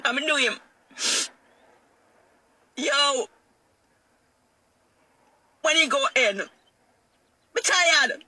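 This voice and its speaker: A middle-aged woman with a Jamaican accent tells her own story of hardship. Her voice sits high and very bright, and the recording is dry and close. She talks in a raw, emotional way, circling back over the same words. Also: dry recording. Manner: raw and emotional, repeats phrases, slows when hurt. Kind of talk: emotional personal testimony.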